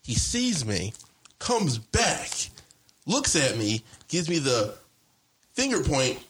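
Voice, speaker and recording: Speaking slowly in a slightly high voice, a young man tells a long, meandering story on a podcast over some faint background noise. He's casual and animated, leaning heavily on filler words and profanity.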